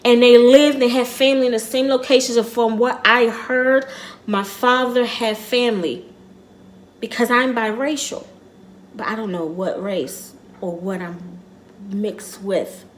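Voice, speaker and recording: A middle-aged woman vlogging casually, rambling and repeating herself as she tells a personal story in an earnest, quiet way. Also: fairly high pitch, steady tone, takes it slowly, pauses often, slight background noise.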